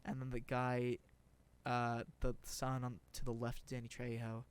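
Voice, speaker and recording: A man's voice: mid-range voice, completely flat delivery, unhurried, clean tone. A young man rambling through casual commentary, sarcastic and profane, with many restarts. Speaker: video creator.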